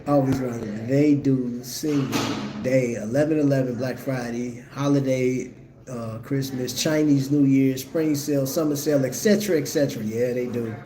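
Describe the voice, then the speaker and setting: A man's voice: mid-range voice, steady tone, normal speed, reverberant, crowd noise. A man from Brooklyn, hosting a casual watch livestream in a laid-back, slangy way and laughing often. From Brooklyn, New York.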